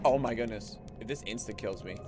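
A man streaming a video game live, swearing and shouting at the enemies as he plays. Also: fairly low pitch, a little fast, heavy background noise. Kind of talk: live gameplay commentary. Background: game music.

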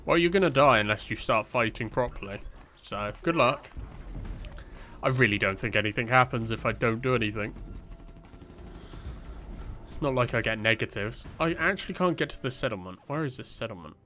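Young guy chatting thru a game, rambly, lots of ums, pokes fun at himself, mid pitch, faint hiss behind. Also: lively intonation, moderate pace, pauses often, bright, forceful tone. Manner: rambling, self-deprecating, lots of fillers. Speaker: gameplay commentator. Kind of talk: casual let's-play commentary.

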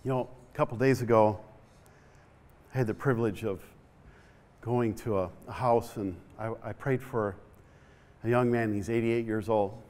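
A middle-aged male pastor telling a story in a church sermon, repeating his words and rising to shouts. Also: on the low side, steady tone, moderate pace, long pauses.

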